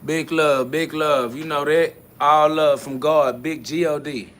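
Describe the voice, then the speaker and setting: A man hosts a solo spiritual podcast, answering listener comments in a blunt, confrontational way. His speech is full of profanity and returns again and again to the same catchphrases. His voice sits a little high and sounds bright and forceful. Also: steady tone, measured pace, slight background noise. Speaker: podcast host.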